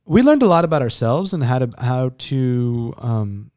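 A man co-hosting a podcast in casual chat, rambling and swearing, quick to laugh. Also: medium pitch, big pitch swings, darkish tone, no echo, clean studio sound. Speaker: podcast co-host. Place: home recording room.

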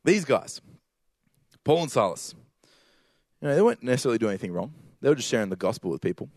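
A man's voice: medium pitch, very animated, quick pace, darkish tone, no echo. A man giving a casual sermon with slang, building to emphatic repeated lines.

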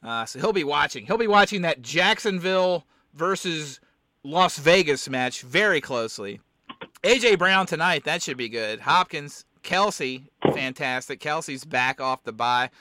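A man with a high, bright, crisp voice talks through a sore throat in a loose sports chat. He rambles and loses his thread, then circles back. The sound is close and dry. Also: expressive, unhurried. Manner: rambling, keeps getting sidetracked. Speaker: podcast host.

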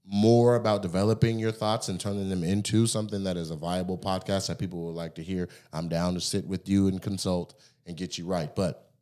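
A man hosting a podcast in a studio, giving a laid-back promotional pitch with fillers. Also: fairly even intonation, a little fast, dark tone. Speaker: podcast host. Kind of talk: casual chat. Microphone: studio microphone.

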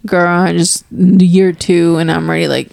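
A woman's voice: on the low side, flat delivery, moderate pace, vocal fry, darkish tone. A young woman guesting on a podcast, chatting frankly and in a laid-back way, with Spanish phrases mixed in. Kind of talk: casual chat.

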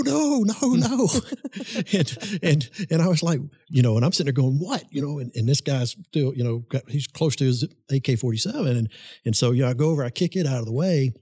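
Guest, male, husky voice, dry close mic, animated storyteller. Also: mid-range voice, very fast, no room sound. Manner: animated, laughs through his story. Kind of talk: casual storytelling.

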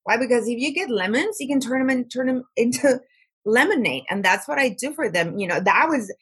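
A woman's voice: fairly high pitch, animated, a little fast, slightly rough. A woman being interviewed about her recovery work, earnestly and often repeating words as she searches for phrasing. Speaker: guest, trauma recovery practitioner. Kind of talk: conversational interview.

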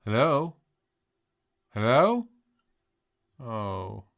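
A man's voice: mid-range voice, sing-song, extremely slow, gravelly, fairly bright tone, full character voice. Man doing a baffled bloke on the phone. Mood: bewildered.

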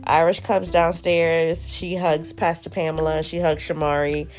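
A woman's voice: low voice, flat delivery, unhurried, darkish tone. A woman hosting a podcast, recapping an episode in a casual, sassy, slangy way with joking asides. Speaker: podcast host reviewing a reality show.

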